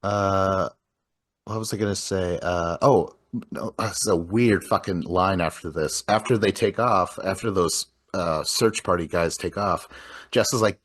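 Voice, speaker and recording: Guy with a lowish voice rambling about a movie, swears a lot, laughs easy. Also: measured pace, fairly bright tone. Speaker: podcast host. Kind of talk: casual movie discussion.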